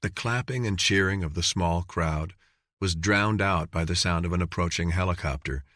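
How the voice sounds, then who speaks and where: Male audiobook narrator, scripted narration, very deep voice, dry close sound. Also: moderate pace, a bit bright, no room sound.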